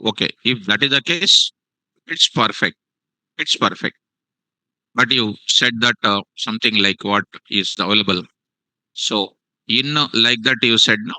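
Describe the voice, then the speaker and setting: A man teaches a live coding class, repeating and restating phrases and quizzing his students with questions. His voice is on the low side yet bright and forceful. The recording is dry and of poor quality.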